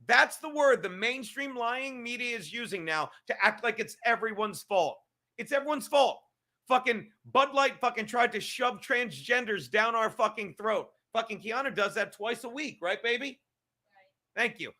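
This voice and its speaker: Give me a high-pitched man hosting a show, ranting angrily and cursing as he repeats himself for emphasis. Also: lively intonation, moderate pace, pushed and bright. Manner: angry, swearing constantly, emphatic repetition. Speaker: podcast host. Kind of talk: profane live-stream rant.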